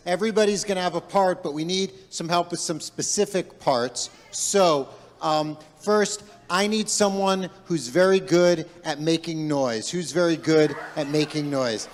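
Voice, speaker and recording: A man's voice: a little high, a little slow. A man, a rabbi, telling a folk tale to his congregation in a playful way and leading them in making animal sounds. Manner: playful, directing audience participation. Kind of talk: storytelling to a congregation. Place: large synagogue sanctuary. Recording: long hall reverb.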